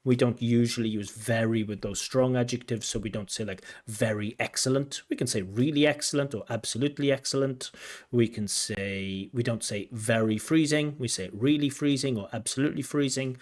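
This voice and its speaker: A man working as an IELTS examiner, giving spoken feedback on a candidate's answers in a corrective, explanatory way. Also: medium pitch. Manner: explanatory, corrective, pauses to replay and comment.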